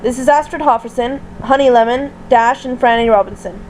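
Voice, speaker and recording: A woman's voice: a little high, a little fast, a little mellow, slight background noise, close to an everyday voice, poor audio. A woman voicing a polite young man who speaks formally and a little hesitantly.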